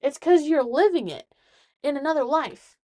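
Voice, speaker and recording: A woman hosting a solo podcast from inside a small closet, talking in an excitable, rambling way with many restarts. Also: high-pitched, moderate pace, dry recording, clean studio sound. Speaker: podcast host.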